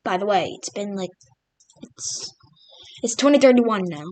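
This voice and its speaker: Slow, rambling woman narrating a map. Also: medium pitch, expressive, darkish tone, no room sound. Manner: rambling, full of fillers like "literally" and "like". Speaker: map video creator. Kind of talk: casual narration over a map.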